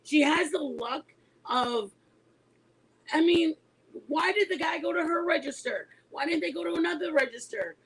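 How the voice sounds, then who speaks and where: A woman in her forties, a mother, telling a story to her online viewers in a casual, animated way. She is emphatic and laughs often as she talks. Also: high-pitched, normal speed, slight background noise, poor audio. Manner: animated and emphatic, insisting she is not lying.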